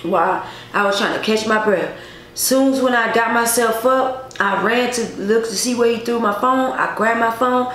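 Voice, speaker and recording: A woman's voice: a little high, moderate pace, fairly bright tone. A woman vlogger telling a personal story to her viewers in a casual, emphatic way, with many repetitions. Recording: echoey room, faint noise.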